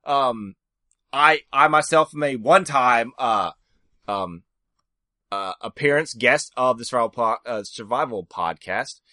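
A man hosting a podcast interview, talking in a halting way with many fillers and restarts. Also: medium pitch, sharp tone, dry recording, studio quality. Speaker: podcast host. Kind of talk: casual interview.

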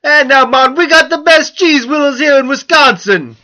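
A man putting on a loud, high mock Jamaican accent. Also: lively intonation, moderate pace, exaggerated voice.

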